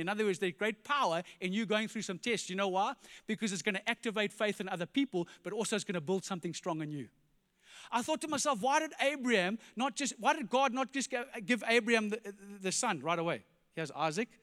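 A pastor preaching an animated sermon, firing rhetorical questions and dropping to quiet emphasis, in a church. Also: male voice, high-pitched, big-room sound.

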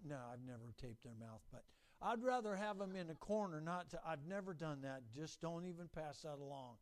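An older man preaching a sermon as pastor, folksy and animated, acting out quotes and stories. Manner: folksy, animated, acts out quotes in high voices.

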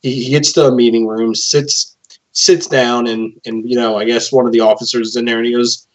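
A man's voice: medium pitch, little pitch movement, brisk. A man in casual podcast chat who insists on his point and tells a comic bit. The sound is dull and lo-fi. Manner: insistent, storytelling. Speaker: podcast co-host.

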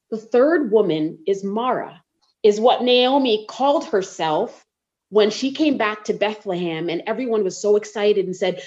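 A woman co-hosting a faith podcast, teaching from the Bible in an expressive, storytelling way and acting out the quotes. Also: on the high side, a little slow. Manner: uses y'all. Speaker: podcast co-host. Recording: slightly dull lo-fi sound.

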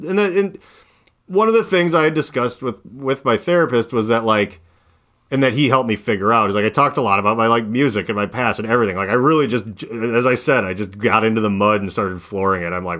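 A man in his thirties talking casually as a podcast host, rambling and animated, with lots of fillers. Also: lowish voice, brisk. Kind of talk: casual chat.

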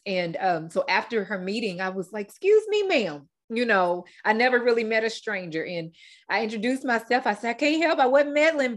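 A woman hosting a faith-based podcast, telling her story with heartfelt repetition and fillers. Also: medium pitch. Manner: heartfelt testimony, repeats words, fillers. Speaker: podcast host.

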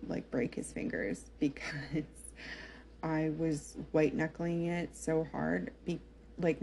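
A woman's voice: low voice, gravelly, mellow, slight background noise. A young woman casually recounting her birth story in a chatty, emotional way, with lots of fillers.

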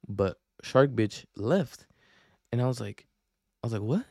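A man's voice: medium pitch, animated, unhurried, creaky, a little mellow, no echo, studio quality. Young man rambling in Bay Area slang. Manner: profane slangy rambling, frequent restarts. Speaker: podcast host. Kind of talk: casual storytelling.

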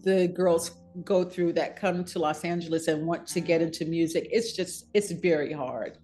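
A woman telling stories as an interview guest, animated and quick to laugh, with her voice climbing high whenever she quotes someone. Faint music sits behind her. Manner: animated, laughs often, rises high when quoting. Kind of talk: casual interview storytelling.

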